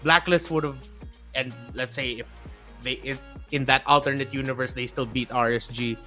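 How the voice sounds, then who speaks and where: A man's voice: medium pitch, steady tone, moderate pace, sharp tone, soft background music. A man, an esports caster, analyzing results and thinking aloud on a recap panel.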